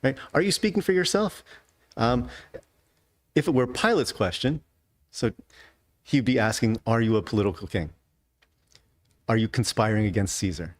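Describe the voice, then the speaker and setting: A man with a fairly low voice leads an adult Bible class in a relaxed, conversational way, often tossing in rhetorical questions to his listeners. The sound is dry and close, with little room echo. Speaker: Sunday school teacher. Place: church classroom.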